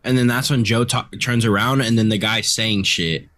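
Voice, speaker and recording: A man's voice: on the low side, fairly even intonation, moderate pace, fairly bright tone. A man co-hosting a casual fight-sports chat, telling stories loosely with lots of filler and swearing. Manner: rambling storytelling, heavy swearing and filler words. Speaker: podcast co-host.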